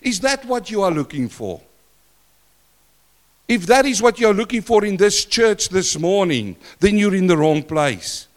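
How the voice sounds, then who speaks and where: Older pastor preaching. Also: male voice, high voice, big pitch swings, measured pace. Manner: asks the congregation questions, shifts between loud and soft. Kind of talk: sermon. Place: church.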